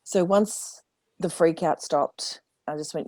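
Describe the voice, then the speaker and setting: A woman with a very low voice talks candidly as a podcast guest. She acts out her own inner thoughts and laughs often, and the sound is close and dry. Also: slow pace, dark tone, no echo. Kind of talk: casual conversation.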